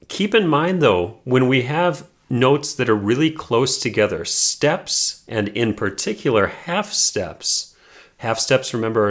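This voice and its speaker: A man teaching a piano lesson, explaining patiently and sometimes singing a melody line softly and slowly. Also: medium pitch. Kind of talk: piano tutorial.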